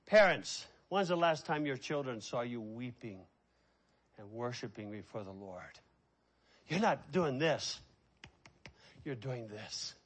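A man preaching a sermon as pastor, stretching key words out slowly, then dropping to quiet, quick asides. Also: mid-range voice, expressive. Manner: preaching with slow drawn-out emphasis and sudden quiet asides.

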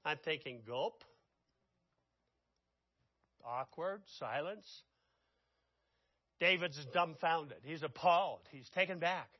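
A man preaching a sermon, telling the story dramatically and swinging from loud outbursts to hushed asides. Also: fairly high pitch, takes it slowly, long pauses, no echo, dull audio.

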